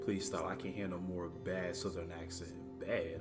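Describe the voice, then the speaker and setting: A very deep-voiced man commentates casually as he plays, reading out messages and tripping over his own words now and then. Clear game music runs underneath him. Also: flat delivery, a little fast, hardly any pauses. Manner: chatty, reads chat aloud, stumbles over his words. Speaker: streamer playing a game.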